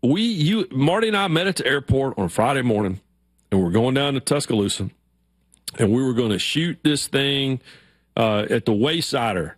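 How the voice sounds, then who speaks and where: Sports radio host, man, lively storyteller, close dry studio mic. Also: mid-range voice, moderate pace, no echo. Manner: animated storyteller, acts out shouted quotes.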